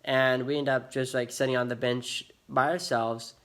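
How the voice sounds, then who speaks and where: A man's voice: mid-range voice, flat delivery, moderate pace, a bit bright, smooth. A young American man telling an agitated storytime rant in his vlog, swearing often as he talks. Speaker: vlogger.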